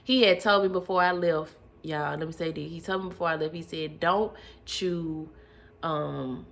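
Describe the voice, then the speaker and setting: A young woman casually telling a personal testimony, addressing listeners as y'all and acting out what she and others said. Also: fairly low pitch. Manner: animated, addresses listeners as y'all, acts out her own quotes. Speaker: storyteller sharing personal testimony. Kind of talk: casual personal storytelling to viewers.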